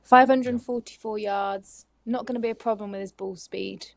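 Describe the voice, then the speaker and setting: A woman co-hosting live golf commentary as analyst, lively and encouraging, playful with her co-host. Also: mid-range voice, moderate pace, vocal fry, dry recording.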